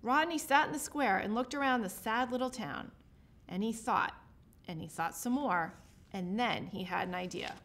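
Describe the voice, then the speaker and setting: A high-pitched woman reads a holiday picture book to children in an expressive, lively way. Her delivery is warm-paced storytelling, bright and clear. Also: normal speed. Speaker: state representative reading a picture book. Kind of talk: children's story read-aloud.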